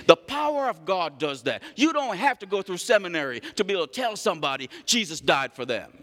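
A male preacher giving an animated sermon, calling on the congregation to respond and acting out stories. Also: fairly high pitch. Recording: long hall reverb.

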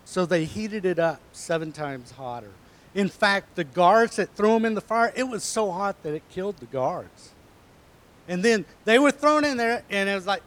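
A man, a pastor, telling a Bible story to children in a conversational, animated way, with hushed asides. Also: high voice, normal speed.

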